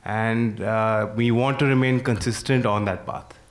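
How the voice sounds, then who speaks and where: A man with an Indian English accent speaking as a party leader on a TV panel, relaxed and evasive, with ready quips. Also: on the low side, measured pace, slight background noise. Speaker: party vice president, panel guest. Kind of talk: panel debate.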